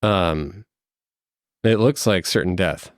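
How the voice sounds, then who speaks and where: A man's voice: low-pitched, slow pace, smooth, no echo, studio quality. A man narrating as game master of a tabletop game, hesitant with many ums and uhs. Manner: hesitant, fills with um and uh.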